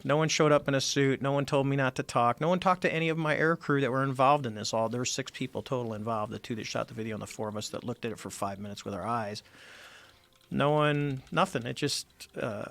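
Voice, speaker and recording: As a podcast guest in a casual storytelling interview, a middle-aged former Navy squadron commander recounts a story and acts out the dialogue as he goes. His voice is mid-range and a bit bright, with vocal fry.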